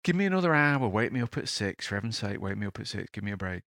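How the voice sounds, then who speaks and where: A man's voice: on the low side, sing-song, quick pace, a bit bright, no echo, clean studio sound. A man voicing a tired uncle, woken too early, pleading wearily for more sleep. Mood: exasperated. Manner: pleading, weary. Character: groggy, exasperated uncle woken at dawn.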